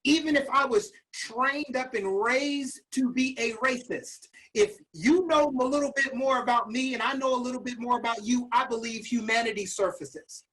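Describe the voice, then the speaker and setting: A man's voice: very high voice, moderate pace, few pauses, a bit bright, poor audio. A man leading a virtual motivational master class, emphatic and repeating his key phrases like a preacher, speaking over a video call.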